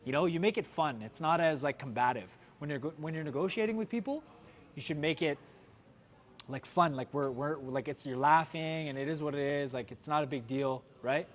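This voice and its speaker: Man, sales manager at a dealership, energetic coach, slightly high voice. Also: fairly quick. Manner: energetic, coaching, lots of "right?" and "like". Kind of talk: team sales training talk. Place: car dealership.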